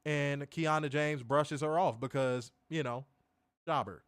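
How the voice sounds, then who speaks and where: A man casually reviewing a wrestling show on a livestream, animated and profane, full of slang, reading viewer chat aloud. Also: fairly high pitch, a little slow, clean tone, no room sound.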